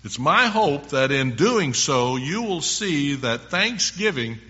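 A man preaching a sermon, reading scripture verses slowly with strong emphasis. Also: fairly high pitch, very animated, pushed and bright, lo-fi sound.

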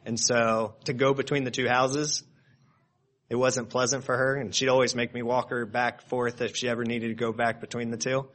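A man preaching a sermon, earnest and conversational, building to loud emphatic peaks and then dropping to soft, low asides. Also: flat delivery, moderate pace. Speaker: pastor.

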